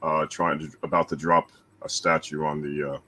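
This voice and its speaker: A man's voice: rumbling low, flat delivery, moderate pace, bright, forceful tone, a little hiss or hum. A man on a casual panel, hesitant and full of fillers as he picks his choices. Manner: hesitant, many fillers, self-deprecating. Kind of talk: casual group discussion.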